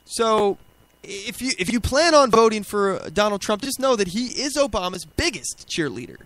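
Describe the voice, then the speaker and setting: A man's voice: sits high, sing-song, moderate pace, fairly bright tone, no room sound. A young man hosting a political talk radio show, ranting emphatically in a plainspoken way with fillers.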